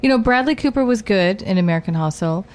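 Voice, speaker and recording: A woman's voice: medium pitch, expressive, fast. A woman co-hosting a show from a studio, chatting casually and teasing her co-host.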